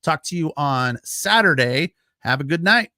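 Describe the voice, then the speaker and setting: Chatty, bright-voiced male sports podcaster. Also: on the high side, animated, unhurried, no echo, studio quality. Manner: casual, chatty, frequent fillers, laughs easily. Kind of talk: solo postgame recap reading live chat.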